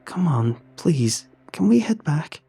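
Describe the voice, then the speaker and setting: A man's voice: on the high side, sing-song, slow pace, gravelly, mellow, husky, voice pushed up, exaggerated voice. A man voicing a frightened young woman who pleads anxiously in a raised voice, within a narrated horror story.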